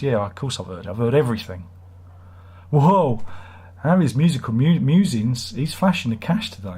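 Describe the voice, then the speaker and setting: A husky, slightly rough-voiced man rambles through a live stream. He reads viewer comments aloud and cracks self-deprecating jokes at an easy mid pitch. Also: dark tone. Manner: rambling, jokey, self-mocking. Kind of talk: casual live chat reading viewer comments.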